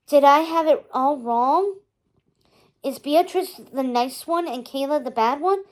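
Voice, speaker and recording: Woman, high voice, slow read-aloud, expressive storytelling. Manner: expressive, wondering first-person narration. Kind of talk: reading a children's book aloud.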